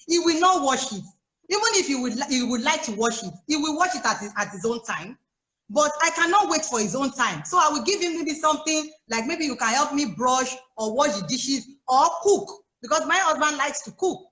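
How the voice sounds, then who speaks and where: Speaking Nigerian English in a voice that sits high, this guest life coach for mothers offers relaxed advice during a live chat. She's lively and talkative, laughing often and adding asides, heard through a phone or laptop on a video call in a roomy space.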